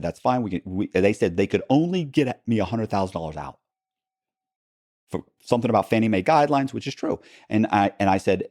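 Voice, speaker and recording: A man recounting his past as a podcast guest, telling it with lots of quoted back-and-forth and quick restarts. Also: lowish voice, no echo, studio quality. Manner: animated retelling with quoted dialogue and frequent restarts. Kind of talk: storytelling in a long-form interview.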